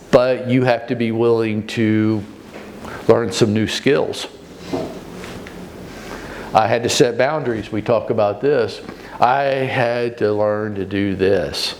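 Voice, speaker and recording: A man's voice: darkish tone, slight background noise. A man in his fifties, a real estate broker giving a blunt motivational training talk to his agents in short punchy sentences. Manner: blunt and emphatic, leaps up in pitch to stress points; speaks directly to the audience, often with short punchy sentences.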